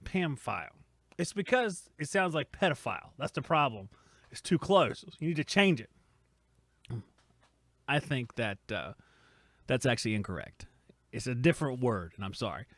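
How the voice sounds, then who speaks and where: A man's voice: medium pitch, big pitch swings, normal speed, pauses often, dry recording. A man hosting a casual live stream from a home studio, reading chat comments aloud and teasing the commenters in a rambling, joking way.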